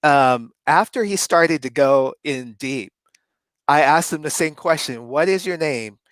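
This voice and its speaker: A man co-hosting a relaxed conversation tells a story in a lively way, often laughing mid-sentence. His voice sits somewhat high for a man. The sound is dry and close, with no room echo. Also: measured pace. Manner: animated, laughs often while telling. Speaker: co-host. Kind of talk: casual storytelling chat.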